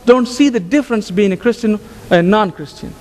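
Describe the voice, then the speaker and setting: A man's voice: high-pitched, fairly quick, big-room sound, background noise. A man preaching a sermon as pastor, emphatic, often restarting and repeating his phrases. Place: church sanctuary.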